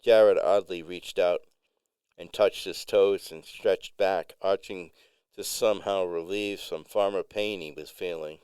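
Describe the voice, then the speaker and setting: Male storyteller, measured narration, low pitch, dry booth-like sound. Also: fairly even intonation, darkish tone, clear, resonant tone, no room sound. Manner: measured, unhurried.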